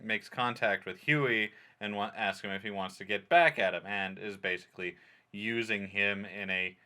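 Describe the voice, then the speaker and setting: A man's voice: lowish voice, normal speed, bright, forceful tone. A man co-hosting a podcast in casual chat, recapping plot in a rambling way with many fillers. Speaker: podcast co-host.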